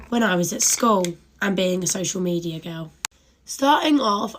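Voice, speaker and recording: Young woman, relaxed storytime. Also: medium pitch, poor audio. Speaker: social media creator. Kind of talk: get-ready-with-me storytime.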